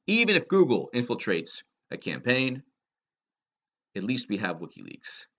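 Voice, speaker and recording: A man's voice: mid-range voice, huge pitch swings, unhurried, fairly bright tone, dull audio. A man giving a political commentary monologue, sarcastic and emphatic, firing off rhetorical questions.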